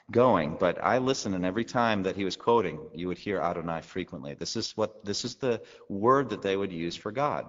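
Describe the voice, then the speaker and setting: A man preaching a sermon to a congregation, teaching conversationally and asking the listeners rhetorical questions. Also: sits low. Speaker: pastor. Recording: long reverb, dull lo-fi sound.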